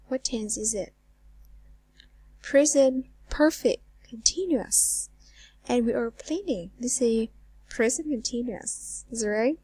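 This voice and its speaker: A woman teaching an English lesson, asking learners questions and repeating words slowly, with phrase ends trailing to a near whisper. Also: on the high side, dark tone, husky. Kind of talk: recorded online lesson.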